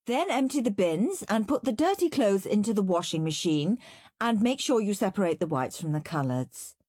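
A woman's voice: medium pitch, very animated, moderate pace, darkish tone, slightly rough, no room sound, clean studio sound, pitched above the performer's own voice. A woman voicing a firm, scolding mother. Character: stern, weary mother.

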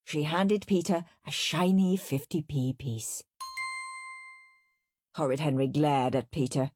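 A woman reading a children's storybook aloud in an expressive, lively manner. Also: low-pitched, slow, faint music behind. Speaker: reader.

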